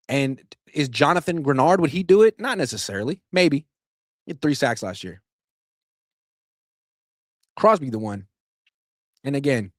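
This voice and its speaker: A man in the middle pitch range rants through sports takes on his own show, sarcastic and animated. His voice leaps up loud for emphasis and then drops back. The sound is dry and close, with no room around it. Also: no room sound. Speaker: sports podcast host. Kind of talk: opinionated solo sports commentary.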